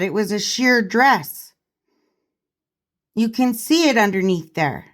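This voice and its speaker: A woman vlogger in casual commentary, giggly and laughing often as she reads and reacts. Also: a little high. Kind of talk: casual commentary reading a parody.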